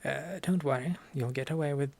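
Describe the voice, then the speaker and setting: A young man with a Norwegian accent in a whispered role-play as a language teacher, speaking softly and haltingly with deadpan jokes, close to the mic. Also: a little high, creaky. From Norway. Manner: soft-spoken, halting, deadpan joking. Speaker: ASMR creator playing a language teacher.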